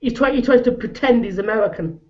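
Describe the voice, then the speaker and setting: A woman's voice: on the high side, quick pace, warm tone. An English woman chatting casually and asking friends questions, giggly, on a dull lo-fi recording. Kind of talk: casual chat.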